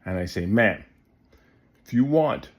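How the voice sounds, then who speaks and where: A man telling a comic story to the camera, swinging between loud bursts and hushed asides. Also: on the low side, expressive, a little slow.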